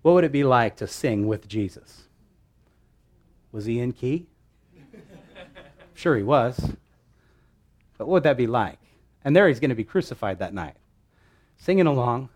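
A man preaching a sermon in an animated teaching manner, with a middle-range voice. He explains scripture and church history and keeps tossing rhetorical questions to his congregation. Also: mid-range voice, unhurried, long pauses. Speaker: pastor.

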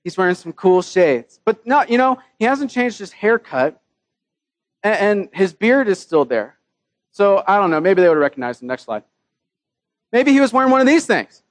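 A man's voice: sits high, sing-song, moderate pace, no room sound. A man preaching a sermon in a casual, joking way, with his own scripture readings mixed in. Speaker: pastor.

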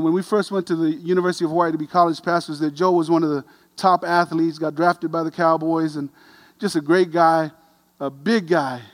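A middle-aged man preaching, an animated, self-deprecating storyteller who grows quiet and earnest. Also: high voice. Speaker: pastor. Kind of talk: sermon storytelling.

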